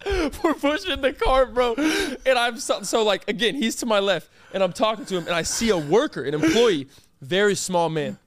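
Young male podcast co-host, animated storyteller, dry studio sound. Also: sits high, fairly quick, no echo. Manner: animated, swears often, breaks into laughter. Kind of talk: casual storytelling chat.

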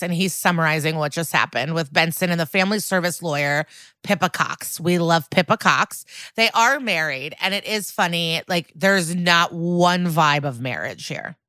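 A woman's voice: deep voice, no echo, studio quality. A woman co-hosting a podcast, casually retelling a TV episode and acting out the characters' lines. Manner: animated retelling with acted-out quotes and laughs. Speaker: podcast co-host recapping episodes. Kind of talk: casual chat.

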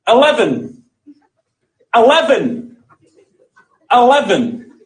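A man's voice: very high-pitched, wildly swooping pitch, slow, heavily acted. A man with a Scottish accent playing an exasperated, bantering character stuck in a lift in a comedy sketch. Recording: roomy sound with studio audience laughter.

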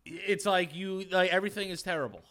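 A man's voice: sits high, fast talker, a bit bright. A young man co-hosting a podcast in casual chat, teasing his friend and swearing as he jokes. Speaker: podcast co-host.

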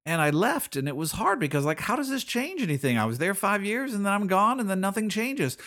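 Middle-aged male podcast host, slightly higher voice, earnest and searching, restarts and repeats lines. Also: very animated, brisk, a bit bright. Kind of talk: personal faith reflection.

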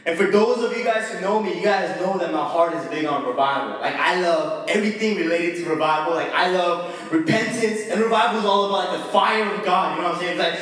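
A man's voice: high-pitched, fast, a bit bright. A young man preaching a casual, slangy sermon with laughing asides to a congregation. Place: church hall. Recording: echoey hall, mic far off.

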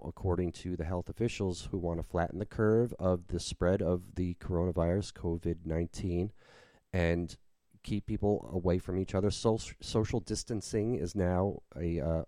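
A man with a deep voice talks in a loose, rambling way, circling back and restarting his sentences. His tone is dark and mellow, and the recording is dry and close, with no room sound. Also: dry recording. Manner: rambling, with many restarts and fillers. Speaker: podcast host and working cover-band musician. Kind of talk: casual conversation.

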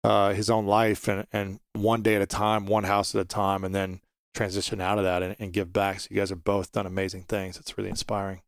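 A man speaking as a podcast guest, relaxed and appreciative. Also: sits low, a little fast, no room sound, clean studio sound. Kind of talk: casual interview chat.

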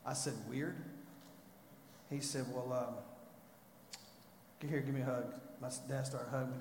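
A man preaching a sermon, telling a story and rising to loud, impassioned pleading. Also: mid-range voice, level tone, moderate pace, a little hiss or hum. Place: church. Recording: echoey hall.

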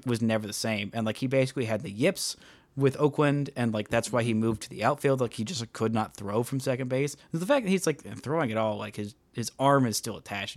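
A man's voice: mid-range voice, no room sound. A man co-hosting a casual sports podcast, talking in a chatty, joking way with lots of fillers. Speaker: podcast co-host.

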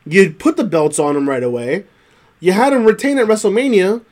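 A man with a slightly high voice chats through a wrestling recap as co-host. He lists the results plainly, then gets exasperated, and his pitch leaps when he rants. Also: fairly quick. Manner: animated, exasperated rants with wide pitch jumps. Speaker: podcast co-host. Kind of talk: casual wrestling recap chat.

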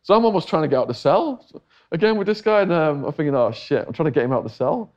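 A man's voice: fairly high pitch, fast talker. English man telling a story, lo-fi sound. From England. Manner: animated storyteller, acts out quoted voices. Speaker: interview guest. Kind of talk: casual storytelling.

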